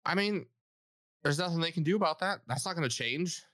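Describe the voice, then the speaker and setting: A man's voice: on the high side, expressive, fairly quick, a bit bright, no echo, studio quality. A man co-hosting a casual gaming podcast, bantering playfully and poking fun at himself. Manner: playful, self-mocking banter. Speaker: podcast co-host.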